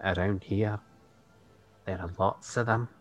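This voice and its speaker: A man reading aloud, voicing a brooding young man with a soft, slightly sad low voice. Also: fairly even intonation, measured pace, faint music behind. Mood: wistful.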